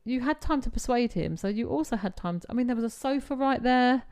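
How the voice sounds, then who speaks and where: A woman co-hosting a podcast in casual chat, chatty and quick to laugh, with exasperated asides. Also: a little high, lively intonation, a little mellow, clean tone. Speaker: podcast co-host.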